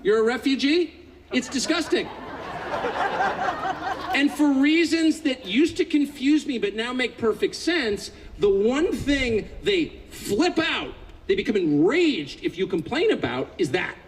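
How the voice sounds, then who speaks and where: A man's voice: very high voice, sing-song, unhurried, poor audio. A man in his fifties from California giving a political speech to a live audience, sarcastic and mocking, building to indignant outbursts. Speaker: public speaker.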